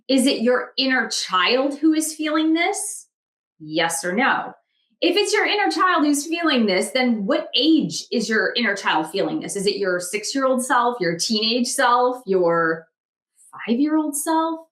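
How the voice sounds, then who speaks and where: A woman author talking casually in a self-help vlog, earnest and reflective, often asking questions aloud. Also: fairly high pitch. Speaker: author vlogger. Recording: roomy echo.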